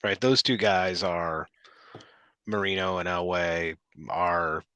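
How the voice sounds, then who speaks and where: A man's voice: sits low, fairly even intonation, takes it slowly, pushed and bright, clear, resonant tone, dry recording. A man co-hosting a sports talk show, speaking casually with hesitant restarts. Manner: hesitant, many fillers and restarts. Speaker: podcast co-host.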